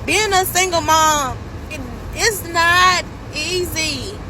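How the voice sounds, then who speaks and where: High-voiced single mom venting over traffic. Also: female voice, slow pace, a crowd in the background. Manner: candid, weary, rambling. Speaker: single mother. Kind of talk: emotional vent to camera.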